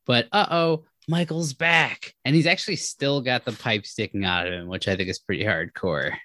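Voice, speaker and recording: A man co-hosting a podcast, recapping a horror novel in a casual, animated way with lots of asides and restarts. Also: on the low side, brisk, no echo. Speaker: podcast co-host. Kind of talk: casual book discussion.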